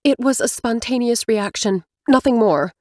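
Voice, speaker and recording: A woman narrator voicing a quick-tempered, proud young woman in a brighter, higher tone. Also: no room sound, studio quality, natural voice. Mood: indignant. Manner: higher, brighter reading with snappy retorts.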